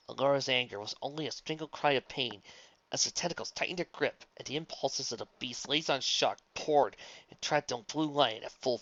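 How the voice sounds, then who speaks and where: A man reading a fanfic story aloud as narrator, in a quick, lively manner. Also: mid-range voice. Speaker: fanfic reader. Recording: dull lo-fi recording, dry.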